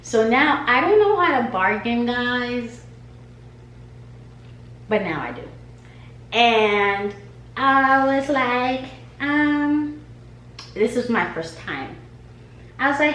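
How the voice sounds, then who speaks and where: A woman's voice: fairly high pitch, slow pace, long pauses, recorded from a distance. A woman hair stylist vlogging in her home studio, telling a casual story and acting out the conversations. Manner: animated, acts out conversations. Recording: roomy echo, faint hum.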